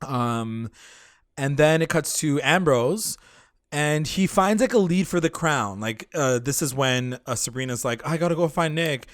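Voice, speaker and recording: A man's voice: fairly high pitch, animated, unhurried, a bit bright, no room sound, studio quality. A young man co-hosting a casual recap podcast, rambling with lots of fillers and casual swearing. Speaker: podcast co-host. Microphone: podcast mic.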